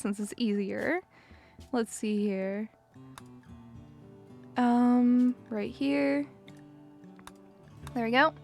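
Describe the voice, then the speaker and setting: A woman's voice: a little high, vocal fry, a bit bright. A woman in her twenties hosting a charity livestream, chatty and upbeat, often saying "dude". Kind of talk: casual livestream chat.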